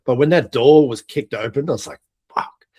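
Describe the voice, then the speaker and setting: A middle-aged man from Australia tells an animated story, peppered with swearing and laughter. His voice sits at an ordinary middle pitch. He talks casually as a podcast guest. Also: fairly quick, breathy edge. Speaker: podcast guest, air force veteran.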